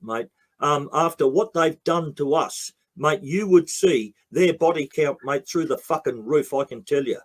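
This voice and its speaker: A man's voice: fairly high pitch, measured pace. An Australian man, a guest in a heated interview, speaking bluntly and emphatically with frequent swearing.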